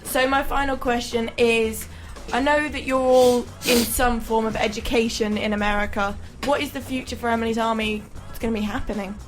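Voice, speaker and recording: A woman's voice: fairly high pitch, steady tone, a little fast, soft background music. Giggly woman radio host. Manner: giggly, playful questioning. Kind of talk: casual radio interview. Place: student radio studio.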